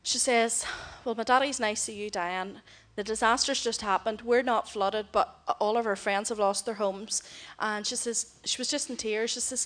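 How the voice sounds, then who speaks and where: A woman's voice: fairly high pitch, fairly even intonation, normal speed, few pauses, a bit bright. A middle-aged woman, giving a heartfelt mission report to a church congregation and voicing the people she quotes. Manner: heartfelt storytelling, voices others in quotes. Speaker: missionary speaker.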